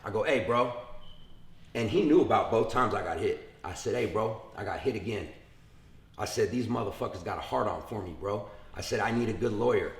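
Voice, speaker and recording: A young man tells his story in a casual interview with a gravelly, rough-edged voice. He acts out the people he quotes in a lively, profane way. The room around him has a noticeable echo. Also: on the low side, fairly quick. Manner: animated retelling with acted quotes and profanity. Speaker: interview guest.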